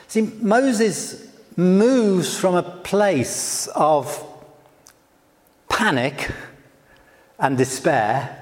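A male preacher giving a gentle, conversational sermon, with frequent "you know" asides. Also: high-pitched, expressive, drawn-out words, pauses often, big-room sound.

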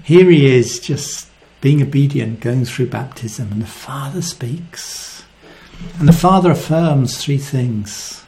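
A man preaching a sermon, earnest and reflective, often dropping to a soft voice. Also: mid-range voice, slow, creaky, slight background noise.

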